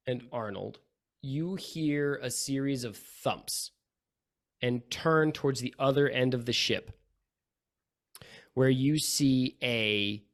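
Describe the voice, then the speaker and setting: Man narrating a tabletop game, halting. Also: medium pitch. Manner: halting narration with frequent ums. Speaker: game master.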